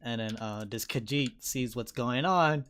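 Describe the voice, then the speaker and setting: A man's voice: medium pitch, a little slow, fairly bright tone, smooth. A man running a tabletop game as dungeon master, narrating the fight play by play with sound effects and casual swearing.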